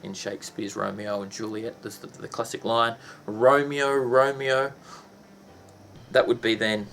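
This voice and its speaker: A man's voice: on the low side, flat delivery, brisk, creaky, a bit bright, slight background noise. A man teaching a casual lesson, chatty and full of ums and restarts, breaking into sound effects.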